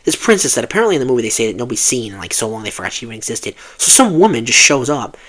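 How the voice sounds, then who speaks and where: Man, mid-pitch, swearing film reviewer in full rant; exasperated, restarts often. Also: big pitch swings, racing, a bit bright.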